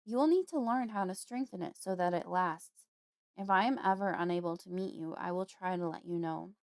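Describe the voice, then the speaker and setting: A calm, wise uncle who speaks softly and steadily, read by a woman. His manner is soothing and protective, with measured phrasing. The recording is dry and close-miked. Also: on the low side, no echo, lightly acted.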